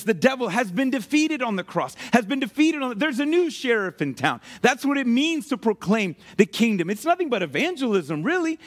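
Animated, lively-pitched male preacher. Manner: animated, conversational, asks the audience often. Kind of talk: sermon.

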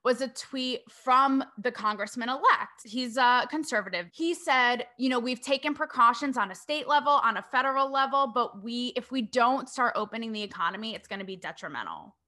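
A woman's voice: fairly high pitch, normal speed, few pauses, pushed and bright. A woman from New England hosting her own show, giving an emphatic opinion monologue straight to her listeners. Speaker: podcast host.

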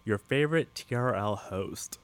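A podcast host who laughs often and runs a rapid-fire question game. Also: mid-range voice. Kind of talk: casual podcast hosting.

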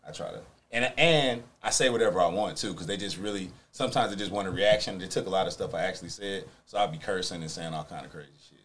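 A man's voice: low voice, quick pace, hardly any pauses, a bit bright. A man in casual chat, talking in a laid-back, laughing way. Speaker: podcast host.

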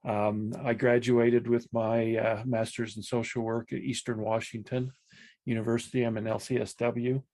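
A retired man in his sixties, introducing himself as a panel guest over a video call in a relaxed, unhurried way. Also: mid-range voice. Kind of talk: casual self-introduction.

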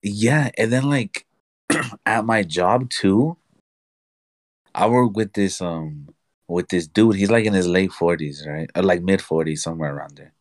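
A man's voice: low-pitched, a little slow, dry recording. A man co-hosting a casual chat show, telling stories and acting out conversations with frequent laughs. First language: Spanish. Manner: animated storyteller, acts out dialogue, laughs often. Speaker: podcast co-host.

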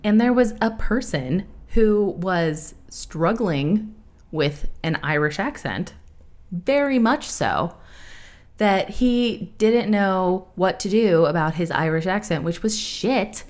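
A woman in her thirties hosting a podcast, chatting candidly and laughing often, with a profane, animated way of telling stories. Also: mid-range voice, slow. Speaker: podcast host. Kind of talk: casual podcast chat.

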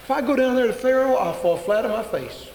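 A man preaching, acting out Moses as a timid man who stammers and pleads with God, his voice pitched up and strained. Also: animated, fairly quick, darkish tone. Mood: pleading, flustered. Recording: echoey hall with faint hiss.

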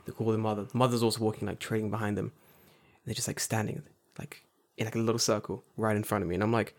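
Animated, swearing man telling a story. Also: on the low side, fast, creaky. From United Kingdom. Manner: animated, profane storytelling with acted-out voices. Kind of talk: casual chat.

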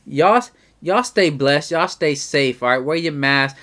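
A man's voice: on the high side, a little slow, a bit bright. A man hosts a solo podcast episode and talks straight at his listeners. He rants bluntly in a rambling, profane way, loose and unscripted. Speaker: podcast host. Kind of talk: casual solo podcast rant.

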